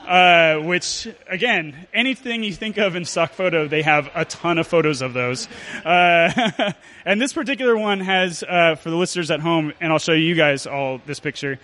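A man telling and reading a comic story at a live show, halting and full of fillers. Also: fairly high pitch, bright, forceful tone. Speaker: storyteller performer.

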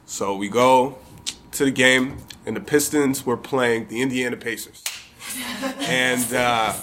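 Bright-voiced man telling a comic story. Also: mid-range voice, fairly even intonation, takes it slowly, a little hiss or hum. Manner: casual, profane, chuckling often. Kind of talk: comic storytelling to a live audience.

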